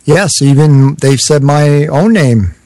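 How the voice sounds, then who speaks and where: A man hosting a radio chat, speaking in a halting way with fillers. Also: on the high side, darkish tone, no room sound, poor audio. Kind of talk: casual interview chat.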